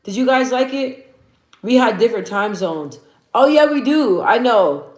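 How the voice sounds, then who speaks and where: A woman's voice: fairly high pitch, expressive, a little slow, a little mellow, echoey room. A woman hosting a casual livestream, talking candidly and rambling, swearing freely and reading out viewer comments. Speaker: livestream host.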